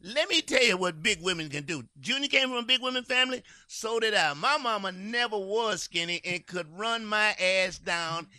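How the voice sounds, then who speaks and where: A man's voice: sits high, moderate pace, few pauses, pushed and bright, dry recording, studio quality. A man co-hosting a radio show, giving blunt, profane advice full of teasing roasts.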